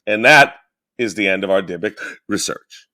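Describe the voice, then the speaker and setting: A man co-hosting a podcast in casual comedic chat, crude and excitable. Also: fairly low pitch, moderate pace. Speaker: podcast co-host.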